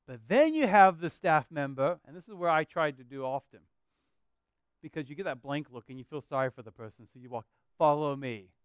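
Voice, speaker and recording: Earnest Australian male pastor, high voice. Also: expressive, clean tone, dry recording, muffled recording. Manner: earnest, slows down for scripture and prayer. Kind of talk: sermon.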